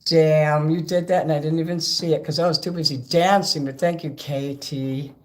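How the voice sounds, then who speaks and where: A man's voice: a little high, fairly even intonation, normal speed. A man hosting a karaoke livestream, chatting casually between songs, rambling and thanking viewers by name. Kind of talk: casual live-stream chat between songs.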